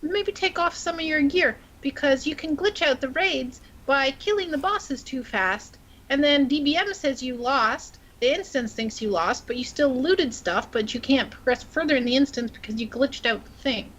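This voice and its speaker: A woman co-hosting a gaming podcast, chatting quickly through a long tip about games. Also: high-pitched, expressive, a bit bright, dull audio. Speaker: podcast co-host. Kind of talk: casual gaming chat.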